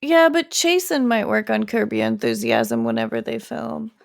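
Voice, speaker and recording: A woman co-hosting a podcast, chiming in with relaxed, short reactions in casual chat. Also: a little high, normal speed, gravelly, no echo, studio quality. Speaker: podcast co-host.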